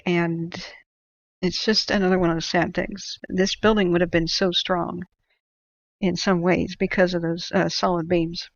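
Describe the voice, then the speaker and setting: A woman's voice: on the low side, little pitch movement, unhurried, creaky, muffled recording. A woman hosting a casual livestream, rambling and thinking aloud with lots of fillers as she talks at her computer. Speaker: livestream host.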